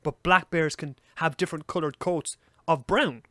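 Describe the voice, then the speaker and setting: Irish guy rattling off a story, bright voice, dry close sound. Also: fairly high pitch, no room sound. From Ireland. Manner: animated, swears freely, rapid. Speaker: podcast co-host. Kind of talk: casual storytelling chat.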